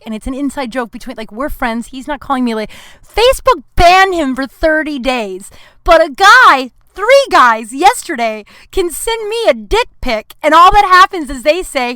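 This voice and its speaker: A woman's voice: sits high, animated, moderate pace, bright, forceful tone, dry recording. A woman hosting her own podcast, telling stories in a rambling, frank, casual way with plenty of fillers and swearing. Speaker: podcast host. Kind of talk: casual solo podcast storytelling.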